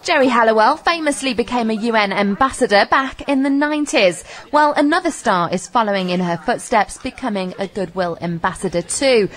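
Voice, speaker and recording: A woman presenting a news item in a brisk, formal tone. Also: a little high, animated, fairly bright tone. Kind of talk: news report.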